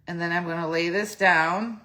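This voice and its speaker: Speaking at a normal speed in a steady, bright, forceful tone, this middle-aged woman has a fairly low voice and a slightly phlegmy throat. She's a craft demonstrator giving a casual step-by-step tutorial, chatting, thinking aloud and correcting herself.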